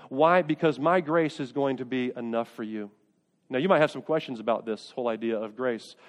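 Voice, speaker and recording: Earnest pastor preaching in reverberant hall. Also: male voice, medium pitch, normal speed. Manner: earnest, builds to pleading intensity, repeats phrases. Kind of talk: sermon. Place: church sanctuary. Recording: long reverb of a church hall.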